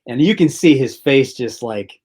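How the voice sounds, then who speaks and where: A man's voice: mid-range voice, animated, normal speed, a little mellow, husky. Man telling a casting story. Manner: rambling anecdotes with acted-out quotes. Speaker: film director, interview guest. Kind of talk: casual interview storytelling.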